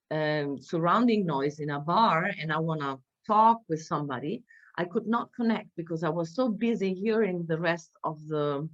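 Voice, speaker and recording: Low-voiced woman lecturing, hesitant. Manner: hesitant, many fillers and tag questions. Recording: dull lo-fi recording.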